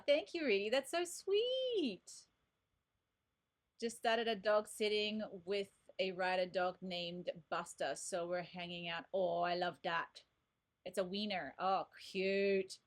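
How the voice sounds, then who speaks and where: A woman's voice: mid-range voice, slow, long pauses. Woman in her thirties, bubbly, chatty live-stream host, card reader, greets viewers by name. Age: 30s. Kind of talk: casual live-stream chat. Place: home office desk.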